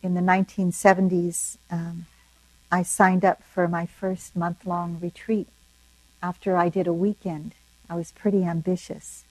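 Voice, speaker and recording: An older woman and meditation teacher, telling a personal story in a dharma talk in a soft-spoken, reflective, unhurried way. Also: fairly low pitch, flat delivery, low-quality recording.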